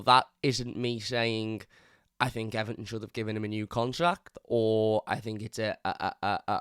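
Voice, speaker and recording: A man's voice: on the low side, fairly bright tone, clean tone, dry recording, studio quality. A man hosting a fan channel, giving casual, opinionated football talk in a conversational way, often repeating words as he thinks.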